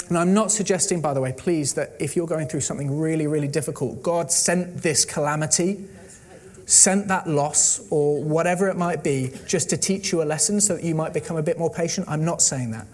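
Man, sermon, slightly high voice, lively storyteller, quotes characters in his own voice. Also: normal speed. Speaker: preacher.

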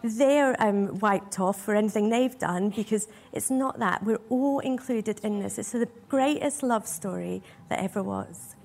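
A woman preaches to a congregation in a heartfelt, earnest way. Her voice sits at a middling pitch and carries real feeling, and she leans on rhetorical questions to draw her listeners in. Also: measured pace, hardly any pauses, darkish tone. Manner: earnest, emotional, asks many rhetorical questions. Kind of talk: sermon.

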